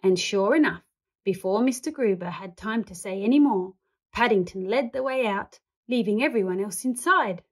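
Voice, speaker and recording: A woman reading a children's picture book aloud, with calm, clear storytelling. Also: medium pitch, normal speed. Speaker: read-aloud host.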